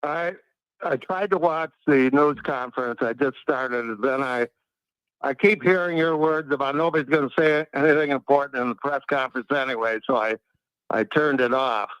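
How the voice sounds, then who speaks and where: A man's voice: mid-range voice, moderate pace, fairly bright tone, clear, resonant tone, dry recording. An older man calling in to a chat show, rambling and self-deprecating about his anxiety. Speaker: caller. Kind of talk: casual call-in chat. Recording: dull lo-fi call-in line.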